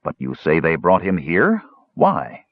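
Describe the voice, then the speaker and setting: A man voicing a gruff, grumpy male hill dwarf with a husky voice, in a dry, tinny audiobook recording. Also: deep voice, huge pitch swings, measured pace, dry recording, exaggerated voice.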